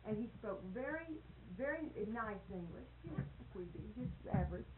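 A woman's voice: a little high, expressive, moderate pace. A woman schoolteacher, chatting casually and telling anecdotes. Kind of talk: casual conversation. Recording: lo-fi phone-like tape with hiss.

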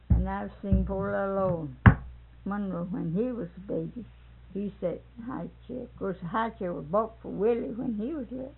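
A storyteller recalling family life, this older woman laughs a lot as she talks in a casual oral history. She speaks at normal speed in a creaky mid-range voice, pausing often, over slight background noise on tinny, phone-like old tape.

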